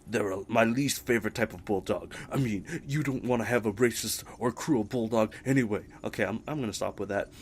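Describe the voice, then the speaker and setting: Playful man reading aloud. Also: fairly low pitch. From Britain. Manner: playful, joking asides, stumbles over words. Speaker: gaming YouTuber. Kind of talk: reading game database entries aloud with jokes.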